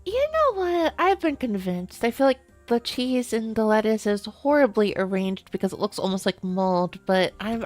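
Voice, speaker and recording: A woman's voice: a little high, expressive, moderate pace, few pauses, darkish tone, soft background music. A woman streamer chatting casually on a live stream, rambling, giggling often and restarting her sentences.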